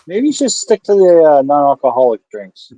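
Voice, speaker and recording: A man's voice: a little high, very animated, normal speed, warm tone, no echo, poor audio. A man co-hosting a casual beer review chat, laid-back and teasing, laughing easily. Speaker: beer review show co-host.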